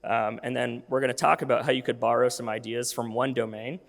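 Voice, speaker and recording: Gravelly man speaking in a hall. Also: medium pitch, fairly even intonation, brisk. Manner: casual, many fillers and restarts. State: losing his voice. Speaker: conference speaker. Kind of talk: conference presentation. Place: conference hall. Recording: long reverb of a hall.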